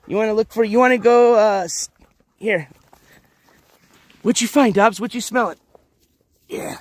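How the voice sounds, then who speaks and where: A man's voice: high voice, measured pace, long pauses. A man hosting a casual outdoor livestream as he walks through a dry riverbed, chatting with viewers and calling to his dogs. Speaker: livestream host. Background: dogs moving about outdoors.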